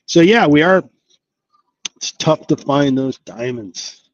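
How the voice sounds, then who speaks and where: A man's voice: a little high, expressive, slow pace, dry recording, dull audio. Chatty man hosting a stock live stream. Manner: chatty, upbeat, thinks aloud with many fillers. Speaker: investing channel host. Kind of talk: casual live-stream commentary.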